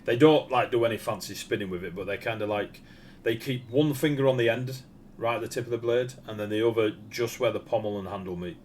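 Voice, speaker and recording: A man's voice: fairly low pitch, fairly quick, a little mellow, a little hiss or hum. Rambling man running a tabletop game. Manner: casual, rambling, laughing asides. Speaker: game master.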